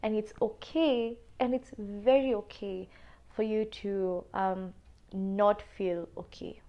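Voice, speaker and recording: A young woman with a Kenyan accent telling a personal story on a podcast, animated and casual, mixing in Swahili slang. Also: mid-range voice, slow pace, dull audio. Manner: animated, switches between English and Swahili slang.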